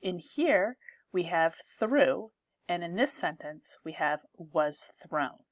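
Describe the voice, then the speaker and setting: Slow, deliberate woman teaching grammar. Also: lowish voice, animated, dry recording. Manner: clear, deliberate explaining with repeated examples. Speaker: English teacher. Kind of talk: grammar lesson.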